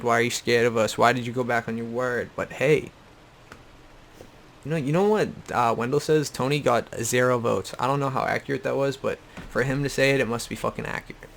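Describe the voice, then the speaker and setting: In a rant-style show recap for YouTube, a foul-mouthed young guy from around Boston speaks bluntly and says things more than once. His voice is medium-pitched and fairly bright, and the desktop USB mic carries a faint hiss or hum.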